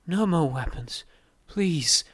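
A delirious young mare drifting in and out of a fever, murmuring faint and drowsy with a higher, thin voice, as a man puts her on. The read is close and dry, storybook style with no room around it. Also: animated, takes it slowly, fairly bright tone, no room sound, full character voice. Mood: dazed, pleading. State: weak and feverish.

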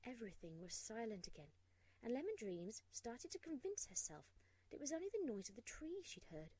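A woman narrating a storybook aloud, expressive and hushed in tense moments. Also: fairly high pitch, a little fast, husky, low-quality recording.

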